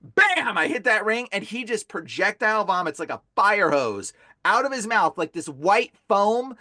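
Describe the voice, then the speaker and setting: Male guest, high bright voice, storytelling casually, peppers speech with "bro". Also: normal speed, no room sound, studio quality. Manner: animated, fillers like "like" and "bro". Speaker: guest, deliverance minister.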